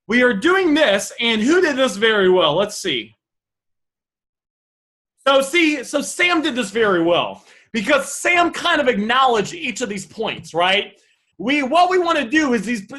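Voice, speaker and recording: A man's voice: high voice, bright, forceful tone, poor audio. A young man teaching a live online sales class in a casual, loose way, reading out students' messages and thinking aloud with fillers. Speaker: sales trainer.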